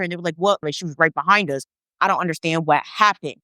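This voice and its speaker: A woman telling a family story in casual talk, swearing and acting out her relatives' lines with animated energy. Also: on the low side, fast, no echo, clean studio sound. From Haitian family.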